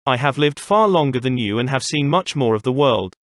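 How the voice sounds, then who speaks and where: A haughty old nobleman who sneers at everyone around him, as a man reads him in an audiobook. The voice keeps a middling pitch in a dry, close recording. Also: lively intonation, a little fast, fairly bright tone, dry recording, lightly acted.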